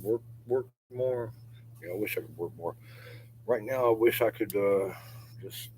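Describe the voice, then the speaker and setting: Brief: older man, deep low voice, profane confessional livestream rambler, faint hum behind. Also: darkish tone, rough recording. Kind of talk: rambling casual livestream monologue.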